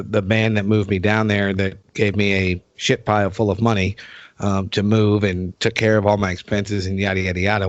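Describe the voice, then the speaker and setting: A man's voice: fairly low pitch, no room sound. Give me a man in his forties as a podcast host, rambling and profane, recorded dry and muffled. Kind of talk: casual podcast chat. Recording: dull dry lo-fi sound.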